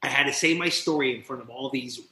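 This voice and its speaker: A man, a podcast guest and recovery mentor, telling his personal story in an animated, profane way and acting out the voices of people in it. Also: medium pitch, fast. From New Jersey. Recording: roomy echo.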